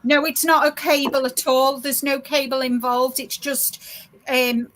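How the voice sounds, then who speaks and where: A woman's voice: high voice, level tone, a little slow, a bit bright, low-quality recording. A woman hosting a casual craft livestream, explaining her work step by step with frequent restarts. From South Africa. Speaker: livestream host.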